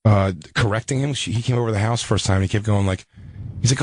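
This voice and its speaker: A man, a comedian, telling a story in a rambling, animated way with many restarts. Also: on the low side, fast talker, no echo. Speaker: comedian guest.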